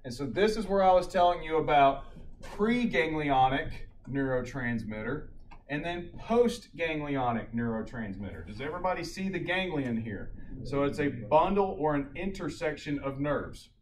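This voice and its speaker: Male paramedic instructor, slightly high voice, casual classroom lecture, distant mic in a roomy hall. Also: moderate pace. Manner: animated storyteller, acts out loud shouted quotes. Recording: echoey classroom from a distant mic, faint room noise.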